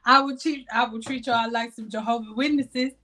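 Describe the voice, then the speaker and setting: Loud dramatic woman live streaming. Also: a little high, fairly even intonation, normal speed. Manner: loud, dramatic, swearing, talks to chat directly. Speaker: hair care live stream host. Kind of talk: casual live stream chat.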